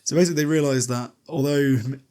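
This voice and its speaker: A podcast host with a medium-pitched, steady, dark-toned voice talks fast. He recaps a book chapter casually and chattily, leaning on lots of filler words and the occasional swear.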